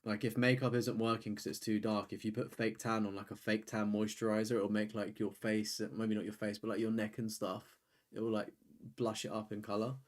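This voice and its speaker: A man's voice: fairly low pitch, level tone, brisk. A man, hosting a live stream and chatting casually with his viewers. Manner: rambling, chatty, reads and answers chat. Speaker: streamer host.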